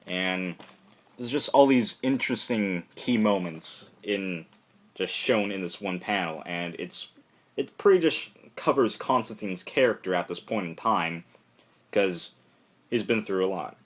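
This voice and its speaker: Rambling low-voiced man reviewing comics. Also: measured pace. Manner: rambling, lots of fillers, acts out characters' lines. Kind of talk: casual solo review.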